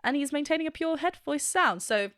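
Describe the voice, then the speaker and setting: A woman's voice: high voice, animated, brisk, a bit bright, no echo, studio quality. A woman vocal coach giving enthusiastic, explanatory commentary in a reaction video, now and then breaking into short sung demonstrations.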